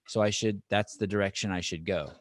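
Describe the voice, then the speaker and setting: A man with a lowish voice hosts a podcast, reflecting aloud and searching for his words. The sound is dry, with no room echo. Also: steady tone, a little fast. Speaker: podcast host. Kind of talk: casual conversation.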